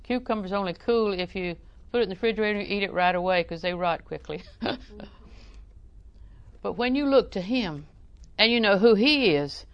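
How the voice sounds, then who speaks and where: A middle-aged woman preaches, folksy and full of humor, chuckling often and sometimes breaking into loud acted cries. Her voice sits in a middle register. The sound is dry and close, with no room echo. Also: mid-range voice, moderate pace, smooth, lo-fi sound. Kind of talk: sermon.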